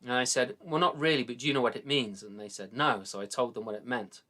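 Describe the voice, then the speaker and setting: A man's voice: medium pitch, steady tone, quick pace, noisy background. British male host in his middle years, easygoing jokey rambler, ordinary mid-range voice. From Britain. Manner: jokey, rambling, laughs often. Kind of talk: casual chat.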